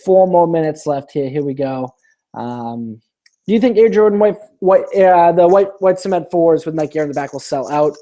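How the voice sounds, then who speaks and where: A man's voice: fairly high pitch, animated, normal speed, mellow. A man hosting a casual live-stream Q&A, reading viewer questions aloud and rambling through his answers with many restarts.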